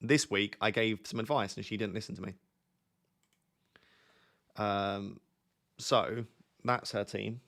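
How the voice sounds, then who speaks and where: Gravelly young man chatting on a live stream. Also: on the low side, fairly even intonation, slow, pauses often, fairly bright tone. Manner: joking, reads chat aloud. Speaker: FPL streamer. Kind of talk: casual live-stream chat.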